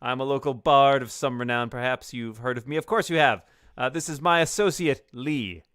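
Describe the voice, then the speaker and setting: A man playing a boastful male bard who is grandly polite and flatters himself. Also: mid-range voice, normal speed, clear, resonant tone, no echo, studio quality, natural voice. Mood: pompous. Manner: pompous, self-flattering politeness.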